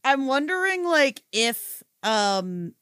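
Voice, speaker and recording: Female podcast co-host, high bright voice, casual and jokey. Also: big pitch swings, slow, clear, resonant tone, dry recording, clean studio sound. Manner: chatty, joking, swears casually. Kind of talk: casual chat.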